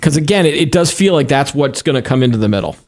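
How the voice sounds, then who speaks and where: A man's voice: medium pitch, expressive, fast, darkish tone. A man co-hosting a tech podcast, reading news stories aloud with casual asides. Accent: Boston. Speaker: podcast co-host.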